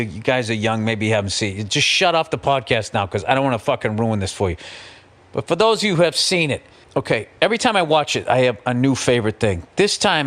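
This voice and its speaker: A middle-aged man talks through a podcast monologue at an ordinary pitch. He swears freely and stays animated, and he drops into quick voices as he retells scenes. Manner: profane, animated storytelling with impressions. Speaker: podcast host.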